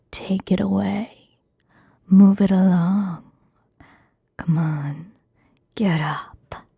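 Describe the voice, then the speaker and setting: A woman's voice: medium pitch, gravelly, mellow, breathy edge, dry recording, clean studio sound, full character voice. A woman voicing a curt, bossy male guard barking orders, in a whispered role-play reading.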